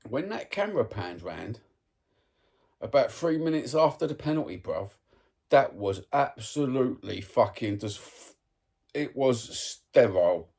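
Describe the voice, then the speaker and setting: A man's voice: medium pitch, very animated, measured pace, creaky, darkish tone, slightly rough. A man giving a blunt, sweary, heated football match review as a fan vlogger.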